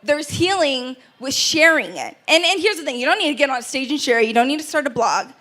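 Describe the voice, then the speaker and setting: A woman's voice: sits high, expressive, fairly quick, bright, forceful tone. A woman telling a personal story in an earnest, emotional speech on an event stage, often stumbling and restarting. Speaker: keynote speaker. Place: event stage before an audience.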